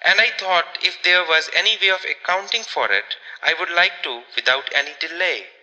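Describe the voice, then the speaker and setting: A man reading a story aloud, voicing a forceful grown man who speaks brusquely and then breezily. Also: sits high, normal speed, in a large hall, poor audio. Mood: breezy.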